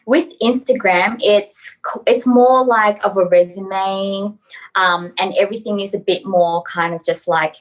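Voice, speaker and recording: A woman from Australia, a guest on a casual podcast interview, telling stories in an animated, giggly way with many fillers. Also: mid-range voice, measured pace, poor audio.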